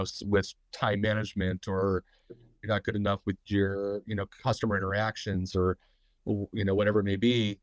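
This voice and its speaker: Middle-aged male host, low and congested, rambling live talk, dry sound. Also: no echo, rough recording. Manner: rambling, frequent fillers and restarts. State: stuffy, congested. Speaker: host of a tattoo business talk. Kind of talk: live online business talk.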